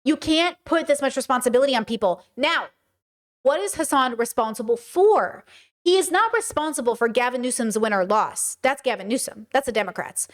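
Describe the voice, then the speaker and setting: A woman's voice: sits high, animated, a little fast. A woman streaming live commentary, talking passionately and emphatically and answering her chat.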